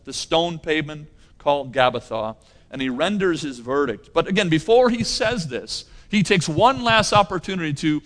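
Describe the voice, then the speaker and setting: A male pastor delivers a sermon in a fairly high voice, pressing his points with repeated phrases. He moves between forceful, raised lines and quiet, hushed ones. His voice carries a long reverb from a church hall. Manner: emphatic, repeats key phrases, swings between loud and hushed.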